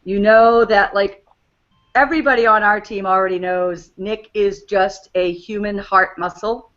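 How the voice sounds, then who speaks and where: A woman's voice: medium pitch, fairly even intonation, unhurried, a bit bright, muffled recording. A woman with a New England accent hosting a team call, upbeat and encouraging. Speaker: host.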